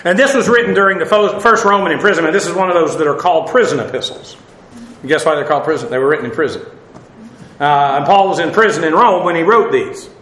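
High, bright-voiced preacher in an echoey room. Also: male voice, fast talker. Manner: chatty, wry asides, many fillers. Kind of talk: casual sermon.

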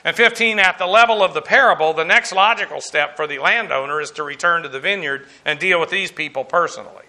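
A man with a high, very bright voice leads a verse-by-verse Bible lesson. He moves through numbered points with an emphatic, rambling delivery, full of fillers and restarts. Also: quick pace, hardly any pauses. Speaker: Bible teacher.

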